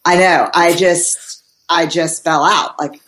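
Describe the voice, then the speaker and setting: Academic woman guest, low voice, chatty storyteller who acts out quotes. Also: slow pace. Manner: lively anecdotes, quotes others, laughs often. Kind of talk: casual storytelling in conversation.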